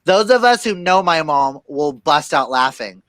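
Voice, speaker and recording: A man co-hosting a reading livestream, chatting casually and telling animated stories while laughing often. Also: on the high side, measured pace, no room sound. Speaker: livestream co-host.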